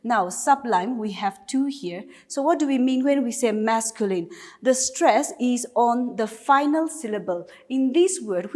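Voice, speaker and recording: A woman's voice: on the high side, a little mellow. A woman teacher from Nagaland with a Naga English accent, giving a recorded class lesson patiently and step by step with repeated examples. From Nagaland, India.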